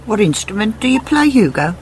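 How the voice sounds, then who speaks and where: An actress with a Black Country accent playing a sharp-tongued woman who needles an old acquaintance, in an audio drama. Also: medium pitch, sing-song, a little fast, slight background noise, lightly acted. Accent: Black Country (Sedgley). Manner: dry, needling, pointed.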